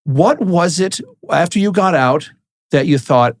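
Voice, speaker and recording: A man's voice: on the high side, animated, measured pace. A man hosting a podcast, asking his guest long, rambling questions that restart often. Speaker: podcast host.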